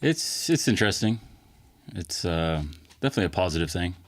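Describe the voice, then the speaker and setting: A middle-aged man from England with an American accent chats as a podcast guest in a recording studio; he's a costumed street performer. His low voice is easygoing and relaxed, and in this casual interview he speaks unhurriedly, halting with plenty of fillers.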